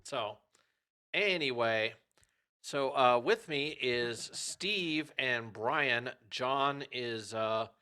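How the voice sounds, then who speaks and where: Brief: male host, forceful bright tone, stammers and restarts, casual banter. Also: mid-range voice, extremely slow, clear, resonant tone. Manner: stammering restarts, laughs often. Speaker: podcast host. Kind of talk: casual chat.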